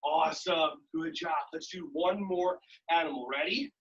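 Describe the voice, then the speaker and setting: A woman's voice: low voice, moderate pace, husky. Cheerful woman coaching kids, distant muffled audio. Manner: cheerful, coaching, playful animal sounds. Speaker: children's movement instructor. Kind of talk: leading a kids' animal movement game.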